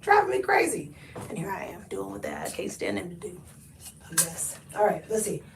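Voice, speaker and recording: A woman hosting a live thrift haul, chatty and expressive, talking to viewers and sniffly from allergies. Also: low voice, a little fast, recorded from a distance, slight background noise. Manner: chatty and expressive, talks to viewers, laughs often. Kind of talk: live-stream haul chat. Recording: echoey room, mic set back.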